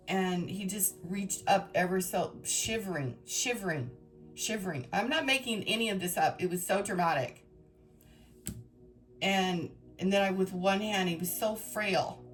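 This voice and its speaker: A woman's voice: mid-range voice, moderate pace, faint music behind. A woman tarot reader telling her viewers a personal story in an emotional, rambling, dramatic way.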